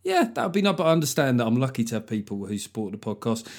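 Man, comedian podcast host, swearing, quick jokes, lively storytelling, mid pitch. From London. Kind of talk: solo podcast monologue.

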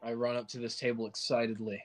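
A man's voice: mid-range voice, little pitch movement. A man playing a tabletop game, joking playfully with his friends. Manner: playful, quick to joke. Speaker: player.

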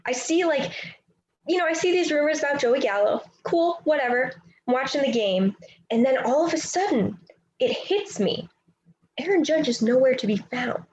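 Brief: expressive female co-host, fairly high voice, echoey room with faint hiss. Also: moderate pace, muffled recording. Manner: emotional, storytelling, laughs easily. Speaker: podcast co-host. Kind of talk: casual sports chat.

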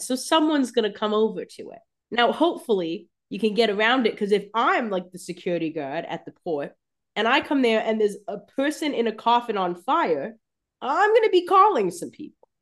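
A woman co-hosting a podcast, chatting casually and making wry, joking comments about a TV episode. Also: a little high. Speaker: podcast co-host. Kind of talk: casual chat.

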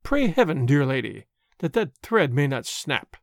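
A smooth, sarcastic male agent, as a male narrator puts him on, full of quiet, mocking courtesy. He is pitched low against the narrator's usual voice. The storybook reading sounds close and dry. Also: very animated, a little slow, dry recording, exaggerated voice. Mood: sly. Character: sly, urbane, sarcastic male French agent.

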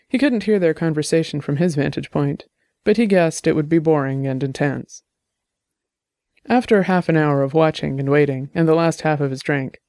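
A narrator reading a story aloud in a steady, measured way. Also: mid-range voice, creaky, no room sound, clean studio sound. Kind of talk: scripted audiobook narration.

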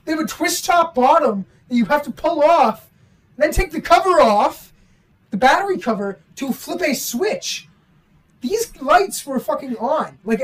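A young woman co-hosting a casual student podcast, telling a story animatedly and swearing a lot. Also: fairly high pitch. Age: young adult. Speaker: podcast co-host. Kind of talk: casual chat. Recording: distant from the mic.

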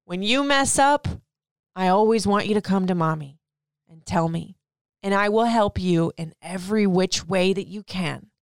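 A woman's voice: on the low side, clean tone, dry recording, studio quality. A young woman hosting a podcast, speaking emotionally and tearfully as she gives advice to her young son, then thanks her listeners. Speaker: podcast host. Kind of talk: heartfelt podcast monologue.

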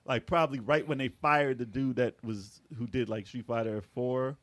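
A man in casual podcast chat, telling relaxed stories about video games and quoting his own past reactions. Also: medium pitch, moderate pace, no room sound. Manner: laid-back storytelling, quotes his own past reactions. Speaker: podcast guest or co-host.

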